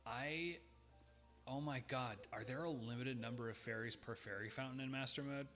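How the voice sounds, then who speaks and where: Faint music sits behind this man's mid-range, fairly bright voice as he talks at a normal pace. He's the main player on a live game stream, musing aloud with hesitant fillers and occasional dry jokes.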